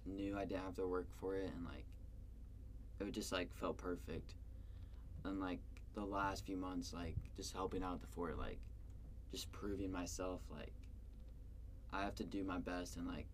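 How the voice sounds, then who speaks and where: A young adult man hosting a podcast, reflective and soft-spoken, with many "like" fillers. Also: deep voice, fairly even intonation, moderate pace, pauses often, a little hiss or hum. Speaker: podcast host. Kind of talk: casual faith conversation.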